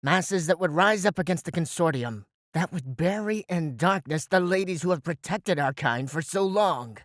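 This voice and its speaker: A man voicing a pale, sinister mist woman who speaks slowly and ominously in an audiobook. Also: fairly high pitch, animated, a bit bright, no room sound, clean studio sound. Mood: menacing.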